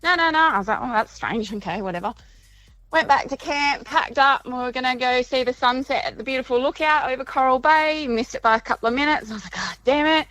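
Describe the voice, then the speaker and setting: A woman calling in to a radio show and telling a chatty story with laughs and quick asides. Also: high-pitched, a bit bright, low-quality recording. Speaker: caller. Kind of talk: casual phone-in story.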